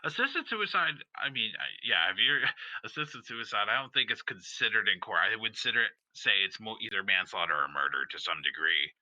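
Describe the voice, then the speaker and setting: A young man hosting a casual podcast, telling crude stories with constant swearing and a loud, lively delivery. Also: lowish voice, a little fast, hardly any pauses, no room sound, dull audio. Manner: loud storytelling, heavy swearing, frequent laughs. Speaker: podcast host.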